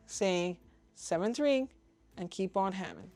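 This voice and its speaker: A woman from Trinidad and Tobago, a ham radio vlogger, explaining things in an opinionated, casual way and spelling out call signs slowly. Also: lowish voice, darkish tone. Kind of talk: casual explanatory talk to camera.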